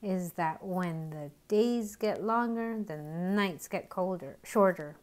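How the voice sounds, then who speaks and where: A woman's voice: on the low side, takes it slowly. A woman doing a grumbling storybook rabbit. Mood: complaining. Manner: grumbling, complaining. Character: grumpy rabbit who dislikes spring.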